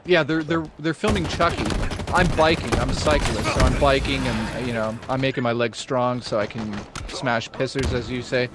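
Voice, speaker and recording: A man streaming a game who reads out donations and tells animated stories in casual chat, swearing freely. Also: medium pitch, normal speed, few pauses, very noisy. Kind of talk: casual chat while gaming. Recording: game music loud underneath.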